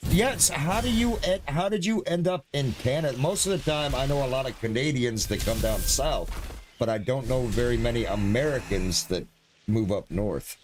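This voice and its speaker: A man's voice: medium pitch, moderate pace, background noise. A man from New York chatting casually and teasingly with a guest on a live game stream, easygoing and friendly. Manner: laid-back, friendly, teasing banter.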